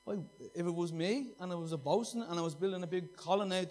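A man's voice: sits high, quick pace, a little mellow. A middle-aged man preaching a sermon, impassioned and repeating phrases for emphasis.

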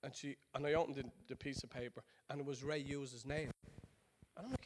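A man from Ireland with an Irish accent, preaching a sermon in a chatty, joking storytelling way that drops into quiet prayer. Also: medium pitch, fairly even intonation, fairly quick, background noise. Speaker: pastor.

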